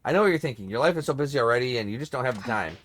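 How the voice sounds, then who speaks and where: A man's voice: mid-range voice, animated, rapid-fire, fairly bright tone, lightly acted. A man reading aloud the lines of a polite young woman student from a video game. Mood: apologetic.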